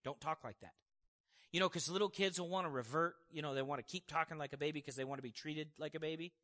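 A man's voice: on the high side, steady tone, racing, pushed and bright, big-room sound. A man preaching a sermon in an emphatic, conversational way, with casual asides to the congregation.

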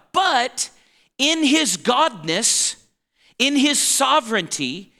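A man in his forties delivers a sermon in a high, bright voice. He talks slowly and deliberately, with a lively lilt that rises and falls. He keeps checking that his listeners are following along. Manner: conversational preaching with frequent check-ins and laughter. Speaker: pastor.

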